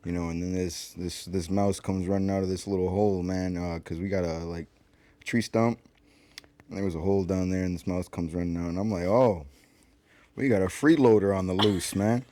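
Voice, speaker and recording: A man in his twenties with a low voice talks on a casual podcast. He drawls through a story, unhurried and easygoing, and keeps dropping "man" between phrases. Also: little pitch movement, mellow. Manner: laid-back, drawling, says man a lot. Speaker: podcast co-host.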